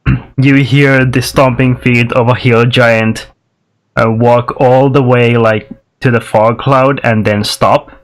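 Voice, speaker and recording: A man's voice: medium pitch, fairly even intonation, slow pace. A man narrating a tabletop game as game master, easygoing and often laughing.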